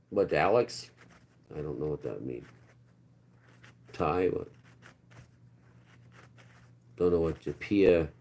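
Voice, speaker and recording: A man in his fifties with a very low voice talks loosely to his livestream chat. He wanders from point to point and often drops into quiet mutters. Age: 50s. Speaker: livestream host. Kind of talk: rambling live-stream chat with viewers.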